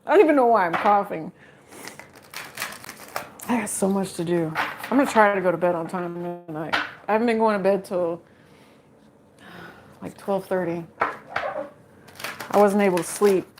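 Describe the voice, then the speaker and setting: A woman's voice: medium pitch, moderate pace, long pauses, noisy background. A woman giving a casual live tarot reading, chatty and joking with viewers and laughing often. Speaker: tarot card reader.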